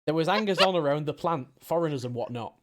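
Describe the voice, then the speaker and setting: A man voicing a gruff, plain-spoken male factory assistant in a put-on Cockney accent, with rough, folksy grammar. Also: fairly high pitch, animated, fast talker, background noise, natural voice. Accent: mock Cockney.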